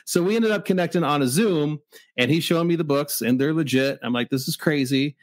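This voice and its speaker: Fairly high in pitch and a little fast, a comic shop owner in his forties from Michigan acts out both roles while telling a relaxed, animated story. The recording is dry.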